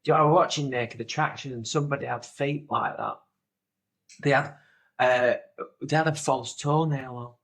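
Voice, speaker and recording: Man, podcast co-host, rambling, sweary, mid-pitched. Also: fairly even intonation, normal speed, vocal fry, fairly bright tone. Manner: rambling storyteller, swears freely, does silly voices. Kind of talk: casual comedic chat.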